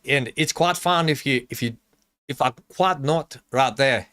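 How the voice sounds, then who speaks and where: This young adult Australian man speaks at a medium pitch, unhurried and a bit bright. Streaming a game live, he reads chat aloud in a rambling, joking way, laughing often.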